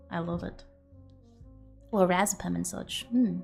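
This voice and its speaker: Young woman streamer, loose and giggly, talks off the cuff over soft background music. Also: mid-range voice, normal speed, vocal fry, slightly rough. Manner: rambling, giggly, swears freely. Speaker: streamer and artist. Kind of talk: casual stream chat.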